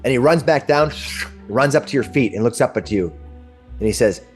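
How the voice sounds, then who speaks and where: A man's voice: mid-range voice, expressive, normal speed, a little mellow, faint music behind. A man narrating as game master, describing scenes in a meandering, searching way. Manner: descriptive and meandering, with frequent restarts.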